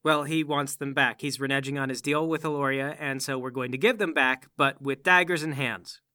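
A man's voice: medium pitch, fairly even intonation, normal speed, pushed and bright, smooth, no room sound. A man playing a tabletop game in character, answering in an evasive, dry way. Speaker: player.

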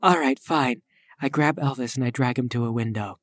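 A man's voice: mid-range voice, moderate pace, fairly bright tone, no room sound. A man playing his character in a tabletop game with a dry, exasperated delivery. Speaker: player.

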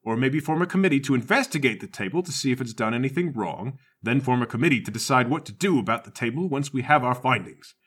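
A man's voice: medium pitch, lively intonation, quick pace, hardly any pauses, a bit bright, breathy edge. A man voicing a timid, apologetic old male congressman who keeps trying to negotiate, in a tabletop game. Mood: placating. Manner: fussy, bureaucratic, apologetic.

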